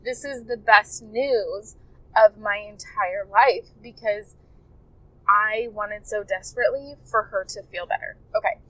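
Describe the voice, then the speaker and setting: A woman's voice: mid-range voice, unhurried, fairly bright tone, dry recording, rough recording. A woman coach telling a client story to her listeners in a casual, rambling, heartfelt way, often correcting herself mid-sentence. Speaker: health coach podcaster.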